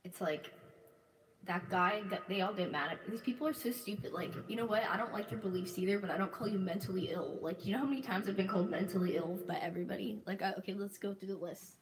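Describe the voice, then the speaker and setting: A woman's voice: medium pitch, fast, a little hiss or hum, rough recording. A young woman vlogging in a casual, exasperated rant, swearing often, leaning on "like" constantly and mocking her critics in silly voices. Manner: exasperated, profane, heavy use of "like", mocking impressions of critics. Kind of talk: casual ranting monologue.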